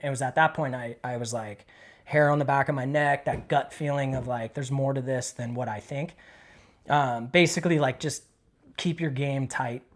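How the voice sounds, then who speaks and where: Brief: middle-aged male ex-cop, interview guest, loose and profane storyteller, medium pitch. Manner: casual, profane, animated retelling with quoted dialogue. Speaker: retired police K9 handler.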